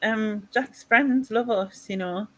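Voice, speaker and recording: A woman's voice: on the high side, takes it slowly, a loud crowd. A woman in a casual chat with friends, laughing often and teasing.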